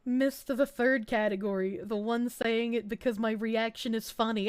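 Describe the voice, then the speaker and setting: A young adult woman VTuber streamer giving crude, excitable reaction commentary and laughing often. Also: a little high, moderate pace, smooth.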